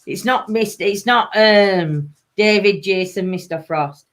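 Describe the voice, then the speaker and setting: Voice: medium pitch, slow pace. Chatty Sheffield-accented live-stream host. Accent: Sheffield, Yorkshire. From England. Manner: chatty, warm, laughs often, trails off mid-sentence. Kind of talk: casual live chat reading viewer comments.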